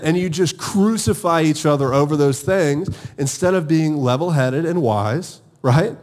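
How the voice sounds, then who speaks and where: This pastor, an adult married man, preaches with energy and invites his congregation to call back to him. His voice sits on the high side, moving at normal speed with few pauses.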